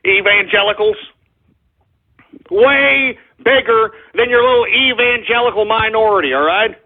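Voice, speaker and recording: A man's voice: high voice, measured pace. A man hosting a political talk radio show, ranting angrily and hurling insults at his listeners' opponents. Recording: tinny phone-like audio.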